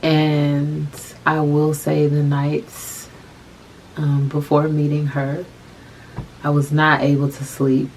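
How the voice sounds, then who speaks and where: Woman vlogger, low-pitched, slow and halting, soft-spoken, repeats herself. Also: completely flat delivery, a little hiss or hum, poor audio. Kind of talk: personal storytelling to camera.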